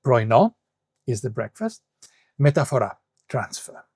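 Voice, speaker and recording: Gravelly, husky-voiced male language teacher. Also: medium pitch, very animated, measured pace, a little mellow, dry recording, studio quality. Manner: patient, reads phrases then translates and explains. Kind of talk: explanatory lesson.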